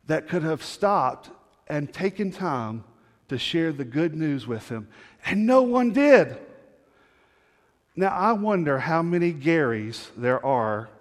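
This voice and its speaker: Guy preaching in a big echoey church, voice a bit high, goes quiet and low to make a point. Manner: storytelling preacher, drops low and quiet for emphasis, rises for appeals. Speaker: pastor. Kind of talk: sermon. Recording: long hall reverb.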